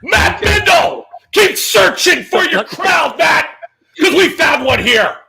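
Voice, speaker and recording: A man doing a comic impression of a brash, boastful wrestling-promo ranter, bellowing and scolding with a gravelly shout. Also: very high voice, expressive, takes it slowly, a faint crowd, slight background noise, exaggerated voice. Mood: triumphant.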